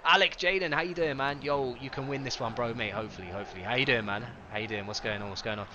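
A young man streaming a football game live, chatting excitedly with viewers and reacting to the match. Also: mid-range voice, fast talker, highs cut off, background noise. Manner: excitable, chatty, greets chat by name.

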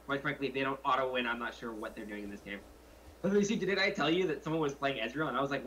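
Fast-talking young man telling gaming stories. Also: medium pitch, slight background noise, poor audio. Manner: fast, animated storytelling with mocking quotes. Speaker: gamer streaming with friends. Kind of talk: casual gaming chat.

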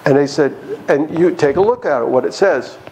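A man's voice: a little high, moderate pace, slight background noise, poor audio. A man teaching a church Bible study, talking straight to his listeners and acting out the people in the story. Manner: animated, addresses listeners directly, acts out biblical characters.

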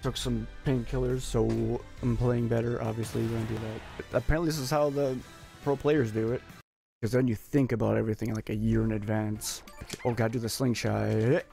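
A streamer gives excitable, jokey live commentary while he plays, breaking into sudden yelps. His raspy voice sits in the mid range and moves briskly. Faint music can be heard behind him.

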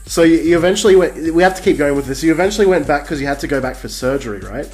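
A man's voice: fairly high pitch, expressive, very fast, a little mellow, soft background music. A man co-hosting a podcast, explaining things and keeping the talk moving. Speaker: podcast co-host. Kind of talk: casual chat.

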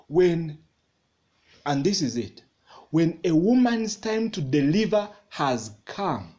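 A man preaches at a slow pace in a fairly high voice. He repeats his lines and builds to excited emphasis, laughing now and then between them. He speaks as a pastor at a revival meeting. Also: husky, highs cut off. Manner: repetitive, rising to excited emphasis. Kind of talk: sermon. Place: church hall.

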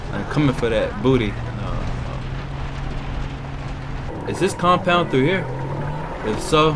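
A young man commentating his game playthrough, excitable and yelling at the game. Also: mid-range voice, slow pace, background noise. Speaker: gamer. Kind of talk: let's play commentary. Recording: game music behind.

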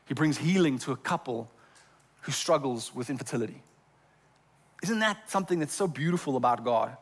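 A man's voice: mid-range voice, expressive, moderate pace, slightly rough. A man preaching a sermon as pastor in a church, often stumbling over repeated words as he talks. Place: church sanctuary.

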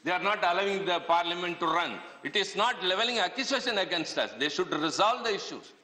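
A man's voice: sits high, expressive, a little fast, bright, forceful tone. A man with an Indian English accent, a member of parliament giving a debate speech, addressing the chair as sir and pressing pointed questions. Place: large parliament chamber. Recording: echoey chamber with long reverb.

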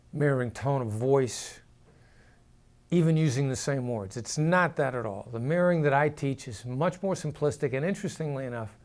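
Man explaining negotiation, measured tone. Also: darkish tone. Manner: measured, drops pitch and volume to demonstrate firm downward inflection. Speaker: former FBI negotiator. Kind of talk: explanatory talk to camera.

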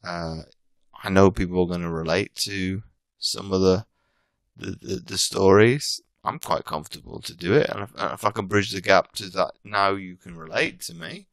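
A very low-pitched British man in his thirties, chatting casually as a podcast guest. He rambles and keeps restarting his sentences. The sound is dry and close, with no room echo. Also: moderate pace, a bit bright. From Britain. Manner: rambling, frequent restarts and self-corrections. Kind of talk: casual interview chat.

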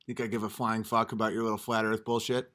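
A man live-streaming, ranting at his chat in a combative, profane way, repeating short phrases and swinging between muttering and yelling. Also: fairly low pitch, little pitch movement, fast talker.

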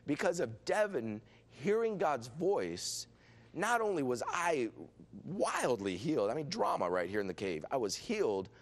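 A middle-aged man, a pastor, telling a lively healing testimony as an interview guest, with frequent restarts and acted-out quotes. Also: medium pitch, a little slow. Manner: excitable, restarts often, acts out quoted voices. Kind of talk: animated storytelling testimony.

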